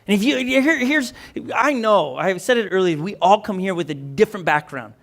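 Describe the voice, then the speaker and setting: A male pastor preaching a conversational, energetic sermon, often restarting his sentences. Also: high-pitched, moderate pace.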